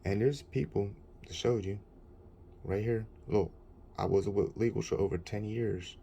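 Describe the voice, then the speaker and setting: A man's voice: fairly low pitch, measured pace, creaky, mellow, a little hiss or hum. A man telling an indignant, rambling story about a bad experience, in a casual vlog. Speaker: vlogger.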